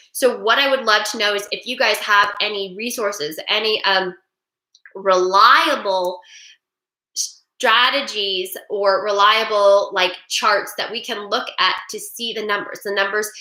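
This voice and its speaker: A middle-aged woman hosting a webinar, talking in an animated, rambling, emphatic way. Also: mid-range voice, unhurried. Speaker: webinar host. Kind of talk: casual monologue. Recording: echoey room.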